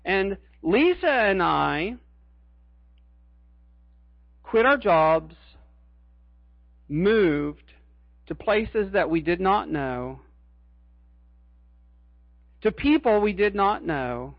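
Earnest high-voiced male preacher, slow. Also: lively intonation, creaky, no room sound, highs cut off. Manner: earnest, emphatic preaching with repeated phrases. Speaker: pastor. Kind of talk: sermon.

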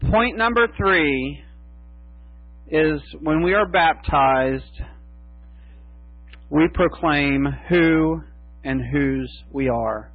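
A man preaching a sermon as pastor, slow and emphatic with long pauses. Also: on the high side, breathy edge, dry recording. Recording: tinny phone-like sound with mains hum.

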